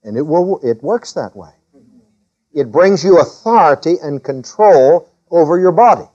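A man's voice: on the high side, expressive, a little slow, dark tone, lo-fi sound. Preaching man, raised scripture readings. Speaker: pastor. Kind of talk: sermon.

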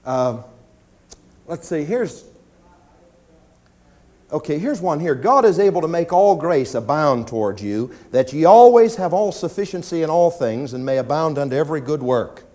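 Animated preaching man, lively pitch. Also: moderate pace. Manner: animated preaching, acts out pleading prayers in a high whine. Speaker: pastor. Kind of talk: sermon. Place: church.

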